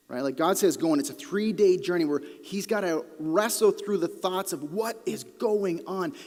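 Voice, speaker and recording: A male pastor preaching a sermon with earnest emphasis, sometimes dropping to a quiet, intense delivery. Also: high-pitched. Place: church auditorium. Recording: long reverb of a large hall.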